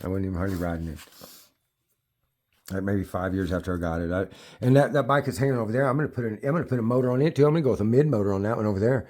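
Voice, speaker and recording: A man's voice: on the low side, very fast, a little mellow. Middle-aged male e-biker, loose and foul-mouthed, rambles and stumbles over his words. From United States. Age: 50s. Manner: profane, rambling, restarts often. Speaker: e-bike vlogger. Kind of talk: casual rambling talk to camera. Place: at home near his bikes.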